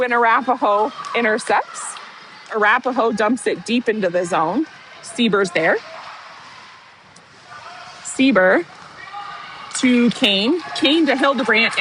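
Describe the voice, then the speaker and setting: Excitable high-voiced woman calling hockey. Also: poor audio. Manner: excitable, partisan, apologizes for getting worked up. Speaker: hockey play-by-play announcer. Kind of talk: amateur youth hockey commentary.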